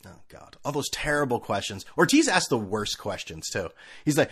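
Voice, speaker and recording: A middle-aged man hosting a casual sports rant, animated and laughing, often mimicking people in funny voices. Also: medium pitch, brisk.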